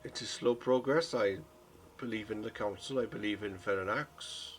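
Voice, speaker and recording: A man voicing a gentle, weary townsman who speaks in an earnest, halting way. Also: lowish voice, a little hiss or hum, natural voice. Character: gentle foreign male townsman, weary but hopeful.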